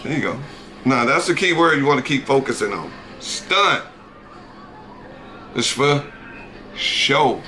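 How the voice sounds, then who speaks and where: A man's voice: mid-range voice, animated, moderate pace, pushed and bright, faint music behind. A middle-aged American man co-hosting a casual reaction chat, telling folksy stories and calling people "brother". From United States. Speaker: co-host, the dad.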